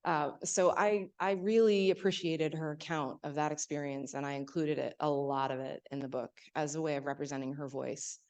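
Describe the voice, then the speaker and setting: A woman's voice: deep voice, flat delivery, normal speed, few pauses, darkish tone. A woman author speaking at a library event, telling stories in a hesitant way, with frequent fillers and restarts.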